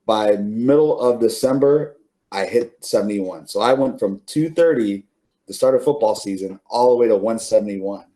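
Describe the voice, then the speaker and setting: A man's voice: fairly low pitch, normal speed, mellow. A middle-aged man, an interview guest, telling stories casually with many fillers and restarts, laughing now and then. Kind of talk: casual storytelling.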